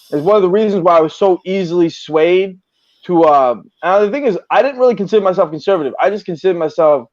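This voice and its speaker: A man chatting casually as a podcast host, telling animated stories full of swearing. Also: a little high, no room sound, dull audio. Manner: profane, animated storyteller. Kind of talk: casual storytelling chat.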